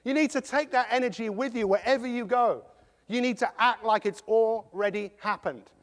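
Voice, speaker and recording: A middle-aged man giving an energetic motivational talk, quizzing the audience as he goes. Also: very high-pitched, moderate pace. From England. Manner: energetic, rhetorical, quizzes the crowd. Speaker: motivational speaker. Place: large conference hall. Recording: long hall reverb.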